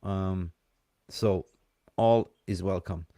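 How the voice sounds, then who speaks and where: A man with a mixed accent that has a hint of Australian, co-hosting a casual live-stream chat and bantering excitedly with viewers. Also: low-pitched, extremely slow, no room sound, studio quality. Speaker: fan channel co-host.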